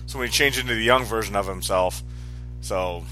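A man's voice: fairly low pitch, brisk, sharp tone, soft background music. A man chatting casually about TV episodes with a co-host, wry and mildly critical. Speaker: podcast co-host. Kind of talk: casual TV recap chat.

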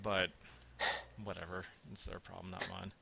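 A man's voice: deep voice, monotone, moderate pace, gravelly, heavy background noise. A man chatting casually on a podcast, telling a long story with laughs and acted-out quotes. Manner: rambling, laughing, acts out quotes.

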